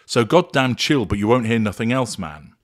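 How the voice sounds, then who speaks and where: A man's voice: mid-range voice, moderate pace, no echo, clean studio sound, lightly acted. A man reading out the words of an angry, blaming male partner, in his own voice with little acting. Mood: reading quotes. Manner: read flatly, barely acted.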